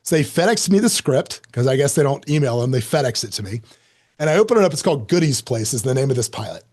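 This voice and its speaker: A middle-aged man telling a story as a podcast guest, lively and self-mocking, acting out quoted lines. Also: medium pitch, quick pace. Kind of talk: animated storytelling in an interview.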